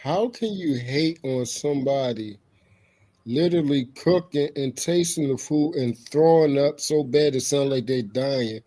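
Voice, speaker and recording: A man co-hosting a livestream, giving slow, emphatic comments in a casual chat. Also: mid-range voice, dark tone.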